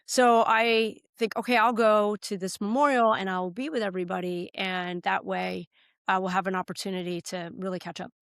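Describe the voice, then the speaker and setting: A woman's voice: medium pitch, fairly even intonation, moderate pace, a bit bright, dry recording, clean studio sound. An American woman, a political candidate, telling a heartfelt personal story as a podcast guest, earnest and at times choked up. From United States.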